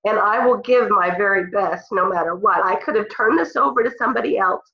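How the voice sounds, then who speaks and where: A woman's voice: medium pitch, brisk. Woman, stuffy from a cold, earnest motivational team talk, roomy echo, dull lo-fi audio. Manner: earnest and emotional. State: congested from a cold. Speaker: team leader speaking on a call. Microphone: phone or computer on a call.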